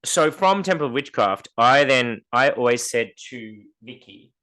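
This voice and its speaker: This podcast co-host speaks at a medium pitch and a measured pace in casual conversation. He's an animated storyteller, acting out what other people said in a raised voice.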